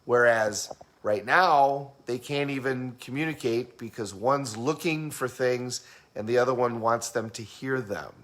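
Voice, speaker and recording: A man in a casual teaching talk who explains communication styles, asks the listener questions and acts out fast and slow talkers. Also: medium pitch, a bit bright.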